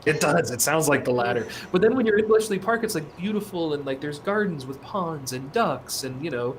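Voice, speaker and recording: A man's voice: fairly high pitch, lively intonation, brisk. A man co-hosting a casual livestream chat, rambling through a story and swearing freely. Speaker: co-host. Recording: noisy background.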